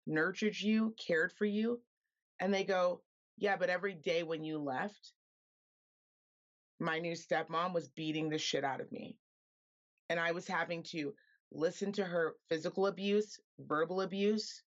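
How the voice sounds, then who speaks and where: A woman's voice: fairly low pitch, lo-fi sound. A woman from Reno speaking as a podcast guest in an earnest, impassioned way, repeating points for emphasis. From Reno, Nevada, US. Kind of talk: earnest conversation.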